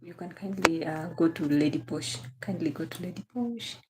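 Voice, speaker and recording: A woman's voice: fairly low pitch, moderate pace, mellow, a little hiss or hum. A young Kenyan woman hosting a casual livestream, greeting viewers by name and gushing praise and thanks, repeating her phrases. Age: young adult. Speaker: livestream host.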